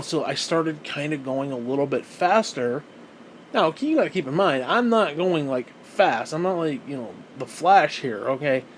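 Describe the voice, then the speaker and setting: A man's voice: fairly high pitch, slight background noise. A man talking casually to camera in a vlog, rambling and self-deprecating, swearing often and restarting his sentences. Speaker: vlogger.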